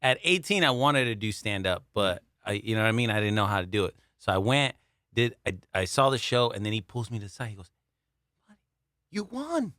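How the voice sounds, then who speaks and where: A man co-hosts a casual comedy podcast, telling rambling stories full of laughter and swearing. His voice is lowish, quick and sharp, captured as clean studio sound with no room noise.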